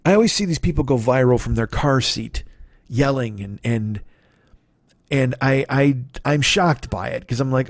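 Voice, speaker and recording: A comedian and podcast host who rants angrily and sarcastically, swearing constantly. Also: male voice, mid-range voice, moderate pace, no echo, clean studio sound. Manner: angry, profane, sarcastic ranting. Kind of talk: profane comic rant.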